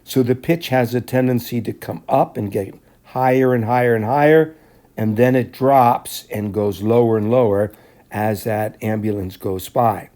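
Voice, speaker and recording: A man teaching a class, explaining the material in a measured, step-by-step way and often clearing his throat. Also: mid-range voice, fairly even intonation, mellow. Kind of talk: classroom lecture explaining handouts.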